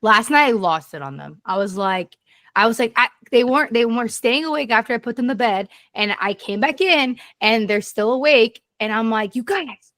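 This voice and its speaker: A woman co-hosting a podcast, chatting bluntly and teasing her friend, quick to laugh. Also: a little high, lively intonation, a bit bright, no room sound, studio quality. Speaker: podcast co-host. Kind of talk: casual chat.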